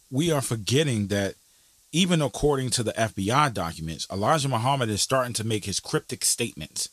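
A man hosting a podcast, talking through history in an earnest, casual way with many fillers, turning animated when he makes a point. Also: lowish voice, no echo, clean studio sound. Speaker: podcast host.

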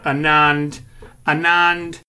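A man's voice: fairly high pitch, little pitch movement, drawn-out words, sharp tone, clean tone. A man chatting on a podcast, hesitating and stumbling over his words. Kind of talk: casual chat.

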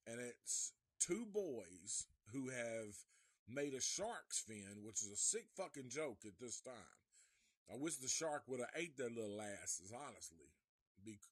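A male podcast host reviewing a film in an unhurried, loose way, swearing freely as he rambles through the plot. His voice sits at an ordinary middle pitch. The recording is close and dry, with no room sound. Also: no room sound. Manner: profane, rambling retelling.

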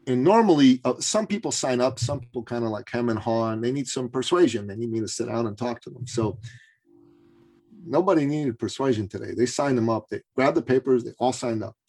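A man, a coaching guest on a podcast, telling a story casually with animated delivery and frequent restarts. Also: mid-range voice, brisk, slightly rough.

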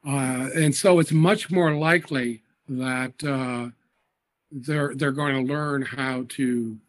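A man's voice: mid-range voice, fairly even intonation, slow pace. A man being interviewed as an education expert, explaining methodically and patiently with small hesitations.

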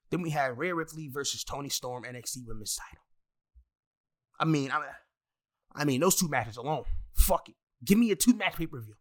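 A young man hosting a solo podcast, talking in a profane, excitable, rambling way with many restarts. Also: mid-range voice. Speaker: podcast host. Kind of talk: solo wrestling podcast rant.

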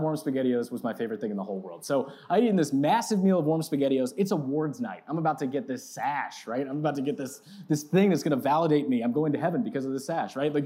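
A man preaching to a live audience in a casual, self-mocking storytelling style, peppered with "like" and "right?", swinging from loud excitement to quiet reflection. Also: on the high side. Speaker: pastor.

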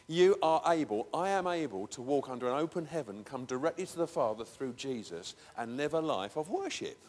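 A man's voice: medium pitch, animated, brisk, hardly any pauses, darkish tone. A man preaching a conversational sermon in a church, breaking into emphatic, raised bursts. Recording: long hall reverb.

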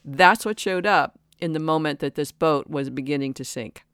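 A speaker in their sixties gives a reflective spiritual talk in a smooth, clear voice of middling pitch. They sound earnest and halting and often stop to restart a thought. The sound is dry and close. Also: a bit bright, no echo. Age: 60s. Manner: earnest, halting, frequent restarts and self-corrections.

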